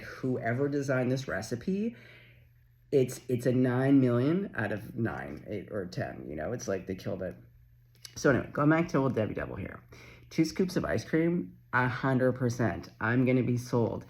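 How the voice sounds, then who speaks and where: Man from Canada, gravelly and animated, chatty tarot reader. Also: mid-range voice, moderate pace. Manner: chatty, excitable, swears casually, coos at his dog. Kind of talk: casual tarot reading chat.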